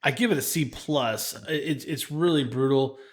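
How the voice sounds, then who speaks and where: A man co-hosts a podcast and hands out blunt grades in a casual, slightly exasperated tone. He sounds relaxed and plain, dropping slang as he talks. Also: medium pitch, moderate pace. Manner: blunt, exasperated, says bro. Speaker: podcast co-host. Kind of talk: casual chat, giving match ratings.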